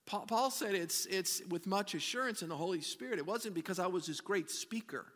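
A pastor preaches to his church in a high, ringing voice. He keeps the sermon chatty, stumbling over repeated words and turning often to the congregation. The reverb of a large hall trails behind every phrase. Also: a little fast, fairly bright tone. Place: church sanctuary.

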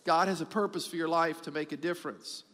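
High-voiced pastor preaching in a big hall. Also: male voice, quick pace. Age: middle-aged. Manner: animated, repeats for emphasis, jokes with the congregation. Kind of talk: sermon.

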